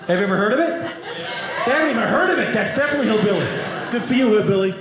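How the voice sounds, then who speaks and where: Brash high-voiced New York comedian. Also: male voice, animated, rapid-fire, a crowd in the background. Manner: brash, teasing, questions audience members directly. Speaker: stand-up comedian. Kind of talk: stand-up comedy with crowd work. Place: comedy club stage before a live audience. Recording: echoey room with loud audience noise.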